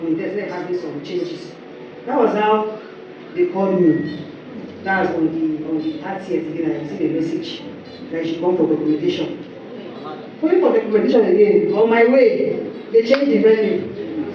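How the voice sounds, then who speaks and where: A young Nigerian woman telling her church testimony as a story, acting out quotes and rising high when she gets excited. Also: normal speed, pauses often. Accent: Nigerian English. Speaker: church member giving testimony. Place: church hall. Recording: echoey, distant, muffled with background noise.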